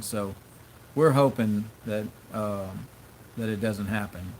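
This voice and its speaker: A man's voice: fairly low pitch, takes it slowly, a little mellow, a little hiss or hum. A man hosting a casual livestream, reading viewer comments aloud and thanking them in a rambling, friendly way. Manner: friendly, rambling, frequent fillers and restarts. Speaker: livestream host.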